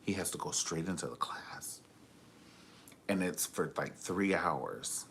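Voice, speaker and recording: A man's voice: low-pitched, expressive, slow, fairly bright tone, a little hiss or hum. A man hosting a casual live stream, telling gossipy stories in a sassy, flamboyant, profane way and calling people honey.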